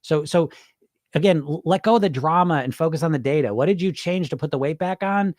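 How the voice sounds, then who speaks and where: A man's voice: fairly high pitch, brisk, darkish tone, no room sound, clean studio sound. A middle-aged man coaching on weight loss in a loose, rambling live-stream chat, swearing casually and restarting his sentences.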